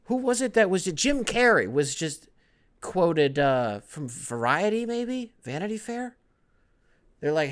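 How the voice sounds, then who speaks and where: A man's voice: high voice, takes it slowly, clear, resonant tone. A young man hosting a casual sports podcast, rambling between topics with lots of swearing. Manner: rambling, animated, profane, jumping between topics. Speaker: podcast host.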